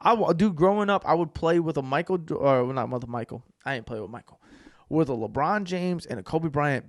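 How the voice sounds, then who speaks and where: A young man co-hosting a podcast, telling a story in a casual, profane way, dropping to a hush and then bursting out loud. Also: on the high side, a little fast, no echo, clean studio sound. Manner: animated storytelling, profane, swings from hushed to loud. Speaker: podcast co-host. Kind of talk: casual chat.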